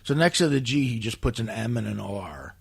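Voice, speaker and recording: A man telling comic, profane stories as a podcast guest, laughing often as he goes. His voice is gravelly and husky, with plenty of vocal fry. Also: medium pitch, animated, a little fast. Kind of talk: comic storytelling in a podcast interview.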